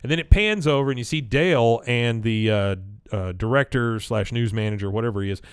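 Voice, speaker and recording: A man co-hosting a podcast, recapping an episode in casual chat and acting out the characters' lines in raised, excited voices. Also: medium pitch, fairly quick, smooth, no room sound, studio quality. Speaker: podcast co-host.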